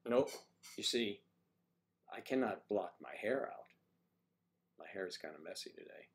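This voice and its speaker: Playful, lively man hosting a livestream. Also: lowish voice, a little slow, pauses often. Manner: chatty and playful, bantering with viewers. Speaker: livestream host. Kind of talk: casual chat, reading viewer comments.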